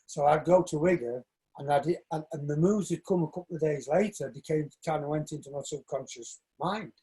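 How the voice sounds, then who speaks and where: A man in his sixties, a shoemaker and dance coach, telling lively stories in a casual interview and acting out other people's voices. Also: fairly high pitch, fairly quick, breathy edge, poor audio. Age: 60s. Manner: animated storyteller, acts out quoted voices.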